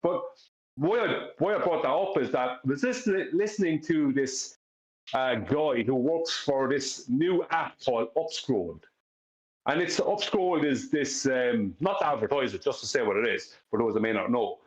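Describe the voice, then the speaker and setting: A man's voice: mid-range voice, animated, normal speed. Emphatic Irish man, echoey lo-fi. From Ireland. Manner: emphatic, repeats himself, keeps asking "you know what I mean". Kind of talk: casual live-stream chat. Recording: echoey, dull lo-fi audio.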